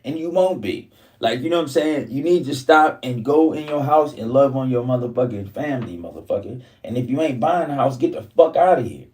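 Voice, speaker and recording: A man's voice: mid-range voice, a little fast, a little mellow, recorded from a distance. Profane ranting man, set back from the mic. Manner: profane, repetitive, heated ranting. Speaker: vlogger. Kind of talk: casual ranting monologue.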